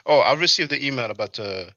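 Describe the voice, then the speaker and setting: Animated man livestreaming, dull audio. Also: mid-range voice, dry recording. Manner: animated, laughing, reading chat aloud and answering it. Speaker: livestream host. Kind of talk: casual livestream commentary.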